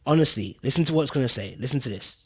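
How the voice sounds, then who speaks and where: Reacting to a reality show clip on his live podcast stream, this man talks at a racing clip in a medium pitch, his intonation lively and his tone a little mellow with a breathy edge. He's casual and emphatic, says things more than once, and addresses viewers and chat directly.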